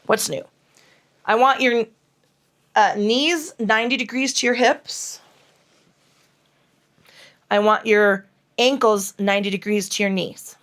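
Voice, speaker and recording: A woman yoga instructor guiding a class through hip and low back moves, cueing breath in a frank, playful way with casual swearing. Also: slow pace, pauses often, a bit bright.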